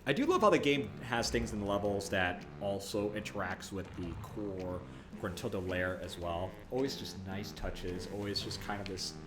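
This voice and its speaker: A young man streaming a retro platformer live, talking in a lively voice that swings widely up and down. He chats through the game, yells when he fails, and rambles gratefully to his viewers. Game music plays clearly behind him. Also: fairly low pitch. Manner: excitable, loud outbursts and chatty thanks to viewers. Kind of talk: live gameplay commentary.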